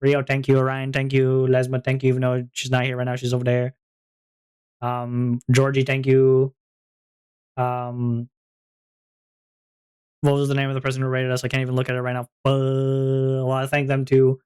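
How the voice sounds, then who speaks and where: A streamer ending a casual live stream, rambling with many fillers and plenty of giggling. The voice sits at a middle pitch, and the talk stays loose and unscripted. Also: completely flat delivery, normal speed, long pauses, a little mellow, smooth.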